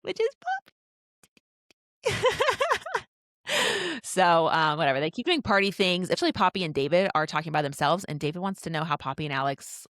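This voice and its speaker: A woman with a fairly low voice recaps a romance novel in a casual, giggly way, acting out lines of dialogue as she goes. Her voice is recorded close and dry, with no room sound around it. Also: quick pace, hardly any pauses, dry recording. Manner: giggly, animated retelling with quoted dialogue. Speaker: book podcast co-host.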